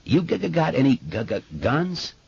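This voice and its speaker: A man's voice: mid-range voice, sing-song, normal speed, gravelly, a little mellow, breathy edge, highs cut off, pitched above the performer's own voice, heavily acted. A man voicing an earnest eleven-year-old boy with a heavy stutter, in an audiobook.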